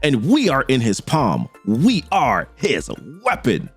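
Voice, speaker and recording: A man voicing a haughty, menacing female cult leader from a comic, drawing out her pronouncements slowly. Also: medium pitch, wildly swooping pitch, slightly rough, soft background music, exaggerated voice.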